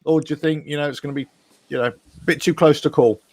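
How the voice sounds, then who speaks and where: A man's voice: a little high, fairly even intonation, fast, a little mellow, dry recording. A man co-hosting a casual football watch-along, chatting with teasing banter. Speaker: co-host.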